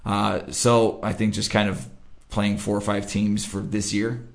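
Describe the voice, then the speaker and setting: Man, low gravelly voice, podcast host, casual joking chat. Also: little pitch movement, unhurried. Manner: loose, joking, wraps up the show.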